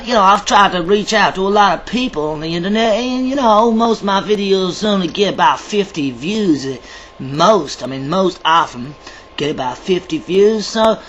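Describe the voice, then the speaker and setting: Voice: mid-range voice, a bit bright, muffled recording, slight background noise. Rambling, swearing vlogger from Ireland. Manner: drifts between accents while talking. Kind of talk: casual video monologue. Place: lives in Germany.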